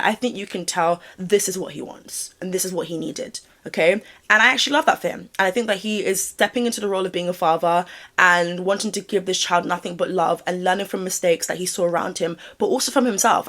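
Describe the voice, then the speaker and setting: A woman commentator on a video channel, speaking frankly to her audience in a casual, animated way. Her voice sits at a middle pitch. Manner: frank, animated, talks straight to viewers. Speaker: YouTube commentator.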